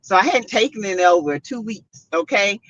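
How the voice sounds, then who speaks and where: Greeting her viewers by name, a middle-aged woman from South Carolina chats on her casual livestream in an animated, medium-pitched voice, talking a little fast. It comes through as dull, lo-fi stream audio.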